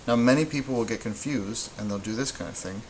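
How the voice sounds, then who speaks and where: A man's voice: mid-range voice, fast, a little hiss or hum, rough recording. A man teaching a lesson at a whiteboard, explaining step by step in a patient way and stopping to correct himself. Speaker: Spanish teacher.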